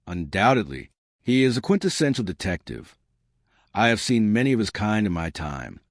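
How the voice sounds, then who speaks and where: Male narrator as a precise, polite Belgian detective; measured and shrewd, dry studio sound. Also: on the low side, big pitch swings, dry recording.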